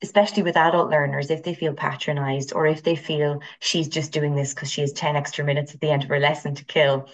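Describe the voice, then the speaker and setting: A woman with an Irish accent, a teacher speaking as an interview guest and telling animated stories from her classes. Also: sits low, a little fast, few pauses. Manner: animated storyteller, acts out voices. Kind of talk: conversational interview.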